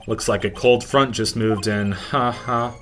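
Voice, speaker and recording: A man's voice: on the low side, steady tone, measured pace, music in the background. A man doing casual, sarcastic let's-play commentary, mocking the game as he reads its lines aloud.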